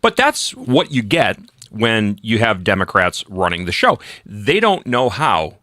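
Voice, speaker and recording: A man's voice: lowish voice, big pitch swings, a little slow, bright, forceful tone, no echo, clean studio sound. A man hosting a political talk radio show, ranting sarcastically in a casual chat with many restarts. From New England.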